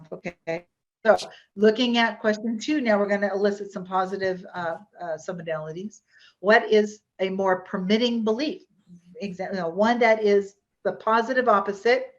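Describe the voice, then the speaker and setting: A woman hypnotherapist leads a casual online workshop, talking in a chatty, rambling way full of restarts and fillers. Her pitch sits in a middle range for a woman. The sound is a little dull and lo-fi, like audio over a video call.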